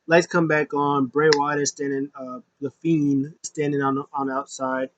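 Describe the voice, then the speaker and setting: A man's voice: fairly high pitch, unhurried, background noise. A man recapping a wrestling show in a casual, rambling way, full of ums and uhs. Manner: rambling, filler-heavy, animated.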